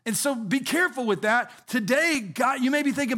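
A man's voice: very high-pitched, moderate pace, sharp tone. A middle-aged man preaching a sermon as pastor, earnest, asking the congregation rhetorical questions.

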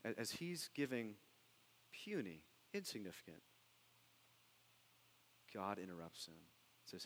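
A man preaching a sermon, animated, dropping to hushed tones and then rising into loud, excited bursts. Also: lowish voice, moderate pace, long pauses, in a large hall, poor audio. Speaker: pastor.

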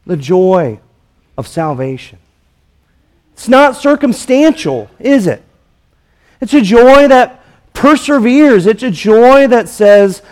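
A pastor preaches a sermon in a measured way, posing rhetorical questions to the congregation. His voice sits high and is a little mellow.

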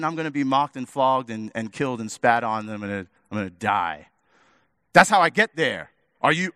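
Animated male preacher, dry sound. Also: no echo. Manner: animated, acts out dialogue with shifts in pitch and loudness. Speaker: pastor. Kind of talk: sermon.

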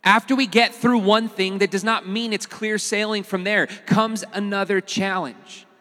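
Animated man preaching in a hall. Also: high voice, moderate pace. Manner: casual, animated preaching with humor. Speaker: pastor. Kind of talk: sermon.

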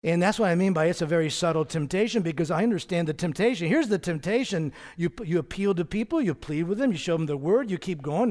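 A man preaching a sermon in a conversational way, asking his listeners rhetorical questions and laughing softly now and then. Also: sits high, animated, fast. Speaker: pastor.

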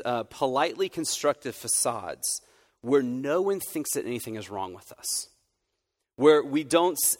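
A man, a campus minister, giving a sermon in an earnest, conversational way with frequent restarts. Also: medium pitch. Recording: long reverb of a hall.

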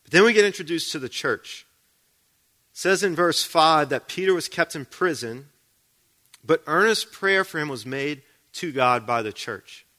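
A man's voice: on the high side, lively intonation, moderate pace, bright, forceful tone. A man preaching a sermon in a conversational way, often checking in with the congregation with questions.

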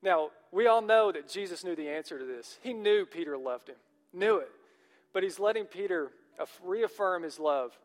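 Animated and earnest, a male pastor preaches at a moderate pace, his somewhat high voice echoing with the long reverb of a big church hall. His sermon encourages the congregation and repeatedly puts questions to them.

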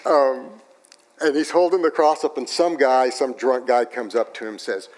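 A man preaching a sermon, telling a personal story in an animated way that swings from loud to hushed, in a church. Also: medium pitch, normal speed. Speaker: pastor.

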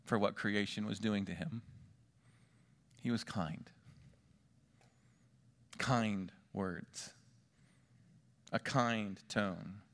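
A male pastor delivering a sermon with a very animated, rising and falling voice. He hammers home rhetorical questions and drops to a near hush to stretch out key words. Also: fairly low pitch. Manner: emphatic, asks the congregation repeated rhetorical questions; swings between loud stress and hushed, drawn-out words.

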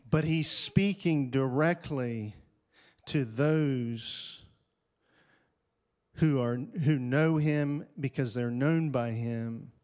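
A male pastor preaching a sermon, repeating key phrases with rising force and pausing for effect. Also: mid-range voice. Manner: slow, deliberate delivery with dramatic pauses.

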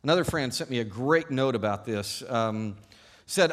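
A man preaching a sermon as pastor, emphatic and animated, asking rhetorical questions and reading scripture aloud with slow emphasis. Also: medium pitch.

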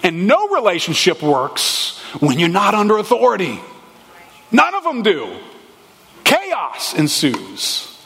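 A high-voiced male pastor preaches with animated, emphatic energy and throws in quick asides. His words ring out with a long reverb in a large church hall. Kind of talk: sermon.

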